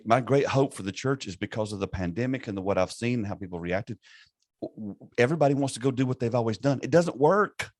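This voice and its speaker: A man in his late fifties, a pastor and podcast host, retelling a story in a lively conversational way with many restarts. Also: medium pitch, a little fast, no echo. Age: 50s. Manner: animated retelling with acted quotes, many restarts.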